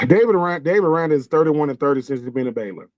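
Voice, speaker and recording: A man in a casual sports debate, talking in a colloquial, emphatic way with quick asides. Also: a little high, expressive, no echo. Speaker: panelist.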